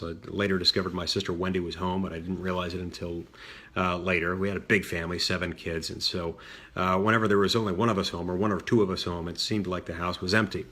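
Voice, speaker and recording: A middle-aged man telling a story from his childhood in an unhurried way, with small fillers and restarts. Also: sits low, little pitch movement, pushed and bright. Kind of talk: personal storytelling talk.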